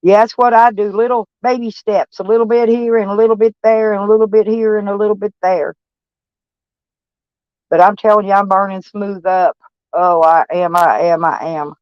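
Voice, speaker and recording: A woman's voice: medium pitch, fairly even intonation, moderate pace, clean tone, dry recording. An older woman vlogging about her day to camera, blunt, profane and rambling. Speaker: van-life vlogger. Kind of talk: casual rambling talk to camera. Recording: dull, dry recording.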